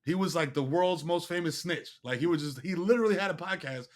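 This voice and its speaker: A man's voice: fairly high pitch, fast. A man, a podcast guest, telling stories in a casual, slangy way, swearing often and putting on other people's voices. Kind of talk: casual chat.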